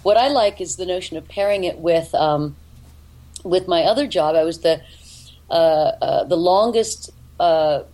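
A woman voice actor and dialect coach, talking in an interview in an articulate, deliberate way. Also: fairly low pitch, warm tone, poor audio. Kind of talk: interview talk.

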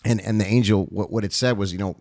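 A man's voice: lowish voice, fairly even intonation, quick pace, a little mellow, no echo, studio quality. A male pastor giving a heartfelt address to his ministry's supporters, earnest and emotional, often repeating phrases and using fillers.

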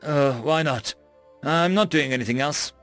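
A man's voice: on the high side, a little slow, a bit bright, faint music behind, voice pushed up. A man voicing a friendly, curious female alien roommate who teases and asks questions in a storybook reading.

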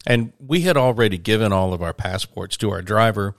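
A touring musician, appearing as a guest, spins a long, rambling tour anecdote in casual conversation and performs the voices of the people he quotes. His voice is on the low side and a little fast, in a studio-quality recording with no echo.

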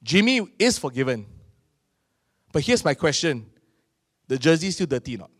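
Singaporean pastor preaching with animated storytelling. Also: male voice, fairly high pitch, normal speed, slightly rough, no room sound, studio quality. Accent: Singaporean English. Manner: animated storytelling, acting out voices of people in his stories. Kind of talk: sermon.

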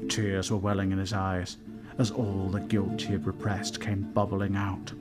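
Low-voiced man narrating deadpan mock epic. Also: a little slow. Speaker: storyteller. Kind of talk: comic mock-dramatic narration. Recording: music playing behind.

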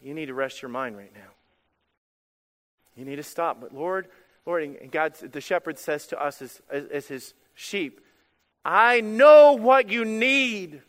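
A male pastor preaching a sermon in an animated, emphatic way, repeating phrases for effect. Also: medium pitch, unhurried, in a large hall.

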